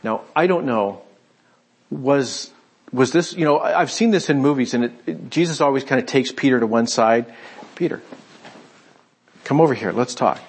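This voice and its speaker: A man preaching a conversational sermon, retelling a scripture story and voicing its speakers in quick asides. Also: mid-range voice, breathy edge. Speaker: pastor.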